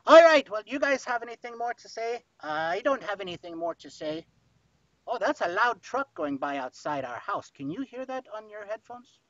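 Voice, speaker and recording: A man doing a lively, mischievous young sidekick. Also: high-pitched, normal speed, no room sound, heavily acted. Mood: teasing. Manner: teasing, spins silly stories. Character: playful, mischievous young male sidekick character. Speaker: co-host. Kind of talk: playful podcast banter. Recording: dry, slightly muffled podcast audio.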